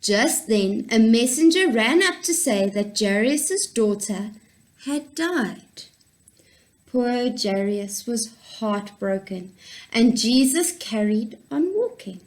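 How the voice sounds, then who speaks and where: A woman teacher reading a Bible story and a prayer to young children, in a warm, encouraging, clear way. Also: fairly high pitch, expressive, slow pace, rough recording.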